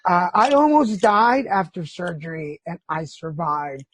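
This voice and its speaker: A man's voice: sits high, very animated, a little slow, a bit bright, slight background noise. A middle-aged man hosting a podcast in a casual chat, telling candid stories with feeling and swearing freely. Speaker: podcast host.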